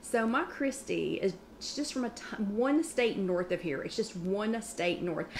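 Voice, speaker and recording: A Southern woman hosts a casual live-stream chat from home, rattling on fast and friendly. She rambles and jumps between asides, heard through a webcam mic. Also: mid-range voice, expressive, slight background noise. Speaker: host of a live online chat.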